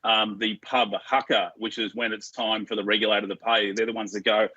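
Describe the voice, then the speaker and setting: A man's voice: fairly low pitch, level tone, a little fast, a crowd in the background. A man on a panel, telling jokes casually and chuckling often over a video call. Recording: dry, muffled video call audio.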